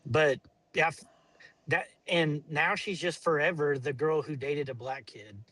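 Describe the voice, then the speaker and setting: Middle-aged man, blunt, rambling, swears, slightly high voice, dry close mic. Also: unhurried, sharp tone, no echo, poor audio. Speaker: caller telling a family story. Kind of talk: casual debate chat.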